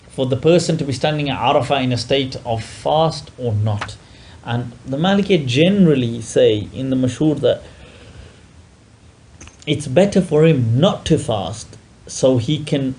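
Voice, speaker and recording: A man's voice: mid-range voice, a little mellow, slightly rough. A man teaching a classical religious text to a class, casual and joking, often acting out grumbling people. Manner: jokey, acts out grumbling people in asides.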